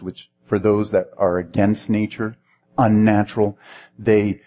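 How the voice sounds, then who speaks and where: A man's voice: on the low side, mellow, slightly rough. A man preaching a sermon in a conversational way, asking the listeners questions and often repeating words as he restarts. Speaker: pastor.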